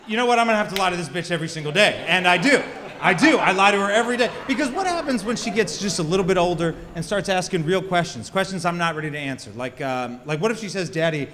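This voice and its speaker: A man in his thirties doing a stand-up comedy set, crude and self-mocking, bantering with the audience. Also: high voice. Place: comedy club stage. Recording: live club with reverb and loud crowd. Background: audience laughter.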